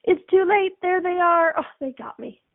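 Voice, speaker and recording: A woman's voice: very high voice, normal speed, creaky, narrow, tinny audio, pitched above the performer's own voice. A woman doing a flustered, fretting mother. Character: flustered mother driving, fearing a ticket.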